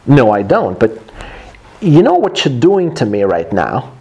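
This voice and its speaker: A man's voice: mid-range voice, huge pitch swings, a little slow, a little mellow, slightly rough, lo-fi sound, exaggerated voice. A man reading a defensive joker's lines. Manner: reading lines aloud from a textbook dialogue. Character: defensive man who made a tactless joke.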